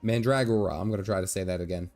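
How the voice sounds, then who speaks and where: A man's voice: mid-range voice, moderate pace, soft background music. A man chatting casually on a game livestream, laughing often and reading game text aloud. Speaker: gaming livestreamer.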